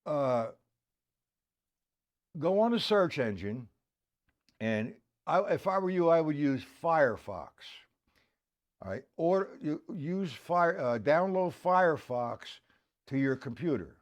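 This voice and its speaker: A man's voice: medium pitch, lo-fi sound. A man giving a live-streamed drum lesson, counting beats aloud, joking and answering viewers by name. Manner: casual, joking. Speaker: drum teacher.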